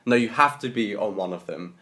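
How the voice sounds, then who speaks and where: On a casual podcast, this young co-host quizzes the others in a chatty way, laughing as he talks. His voice sits lowish but comes across expressive, brisk, bright and forceful.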